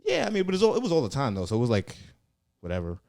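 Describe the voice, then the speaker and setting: A man's voice: mid-range voice, huge pitch swings, very fast, gravelly, a little mellow, no echo, clean studio sound. A young man, a comedian and former recruit, telling rambling stories in a casual interview, full of "like" and cursing. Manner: rambling, profane, heavy on "like" and "yeah". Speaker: comedian and former Marine recruit, podcast guest.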